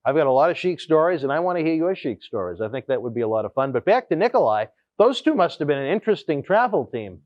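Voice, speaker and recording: Guy hosting a chat show, easygoing, fairly high voice, dull dry studio sound. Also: very animated, fast, few pauses, no echo. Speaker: host. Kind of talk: casual chat.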